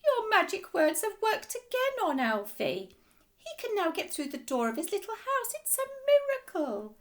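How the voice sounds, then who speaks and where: A woman voicing an excitable, adoring older lady who talks in shrill, breathless gushes. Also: normal speed, exaggerated voice. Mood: overjoyed.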